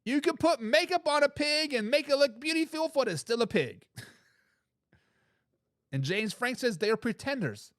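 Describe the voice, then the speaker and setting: Emphatic high-voiced male sports host. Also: sing-song, moderate pace, pauses often, fairly bright tone, dry recording, clean studio sound. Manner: emphatic, repeats his points; laughs between remarks. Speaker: sports talk show host. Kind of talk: casual sports commentary, reading viewer comments.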